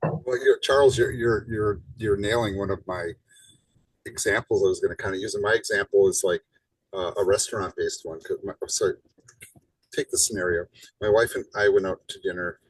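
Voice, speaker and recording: Low husky-voiced male instructor. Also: moderate pace, far from the mic, rough recording. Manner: casual, rhetorical "right?" tags, animated emphasis. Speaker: college instructor. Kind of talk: live classroom lecture. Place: classroom.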